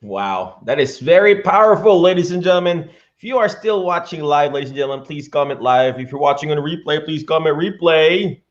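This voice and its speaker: Animated male live-stream host. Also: fairly high pitch, a little fast, hardly any pauses, slight background noise. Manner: animated, preachy. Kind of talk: live-stream interview commentary. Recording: dull lo-fi stream audio with faint music.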